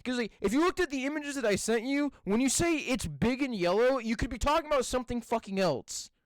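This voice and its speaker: A man's voice: extremely high pitch, expressive, no echo. A young man co-hosting a podcast, swearing a lot and sounding exasperated in crude casual banter. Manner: profane, exasperated, spells words out slowly. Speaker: podcast co-host.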